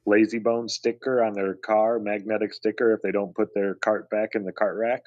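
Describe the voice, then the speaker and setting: Animated low-voiced man on a podcast. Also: normal speed, dry recording, dull audio. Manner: animated storyteller, mimics people in high voices. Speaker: podcast co-host. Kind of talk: casual chat.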